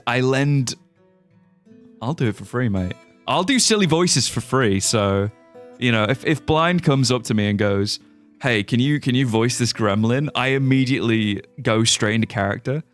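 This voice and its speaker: A young English man streaming live gameplay, talking casually with viewers and reading out chat. His voice swings freely up and down as he jokes and swears. Soft guitar music plays faintly underneath. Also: medium pitch, animated, unhurried. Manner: chatty, swears, laughs often, reads out chat. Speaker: livestreamer.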